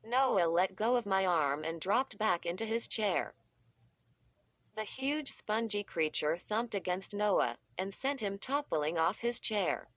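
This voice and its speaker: A woman narrates a children's story slowly and deliberately, drawing out each sound effect. Her voice sits at a middle pitch, and the recording is dry and a little muffled. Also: expressive, a bit bright, dry recording. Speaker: audiobook reader. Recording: dull, slightly muffled audio.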